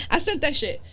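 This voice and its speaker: A young woman guest on a podcast, telling a story in casual chat, animated and profane, acting out what others said. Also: mid-range voice. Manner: animated, profane, acts out quoted dialogue.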